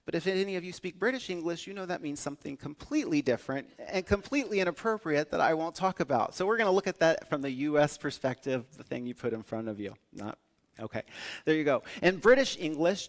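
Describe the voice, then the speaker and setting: A fairly high-voiced American man telling funny stories at a conference, acting out the other voices as he goes. His talk carries a long reverb from the hall. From United States. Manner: animated storytelling, acts out voices. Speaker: keynote speaker.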